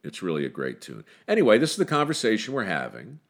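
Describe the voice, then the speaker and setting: A man with a very deep voice hosts a storytelling podcast, telling a tale with dramatic pauses and a wry tone. His delivery swings widely in pitch, rising and falling for emphasis. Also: wildly swooping pitch. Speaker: podcast host. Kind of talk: storytelling narration then casual talk.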